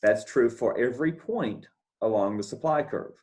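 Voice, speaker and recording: A man's voice: medium pitch, lively intonation, normal speed, a little mellow. A man giving a recorded economics lecture, explaining step by step over his notes and repeating key points with checking questions. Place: talking over scribbled notes, not at a board.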